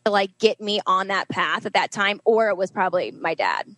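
A woman's voice: mid-range voice, animated, normal speed, fairly bright tone, dry recording, low-quality recording. A woman in her forties telling a personal story in an interview, emotional and rambling, with many "like" fillers. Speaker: guest, trainer and nutritionist. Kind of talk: candid interview conversation.

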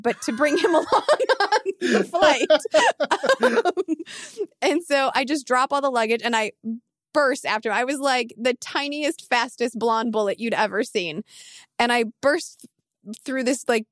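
A woman in her thirties, a fantasy football analyst telling an animated, emphatic story in casual podcast talk. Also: sits high, no room sound, clean studio sound. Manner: animated, emphatic, quick asides.

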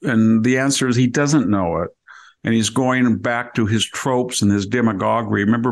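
A man's voice: medium pitch, moderate pace. A man giving argumentative opinion commentary on a podcast, firing off rhetorical questions and often restarting his sentences. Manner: frequent restarts and self-corrections. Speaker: podcast regular.

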